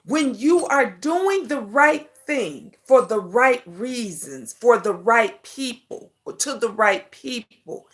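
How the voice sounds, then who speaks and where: A woman with a slightly high voice hosts a casual livestream talk show, speaking slowly with few pauses. She's sassy and preachy, calling viewers honey and boo, and her greetings come out lively and sing-song.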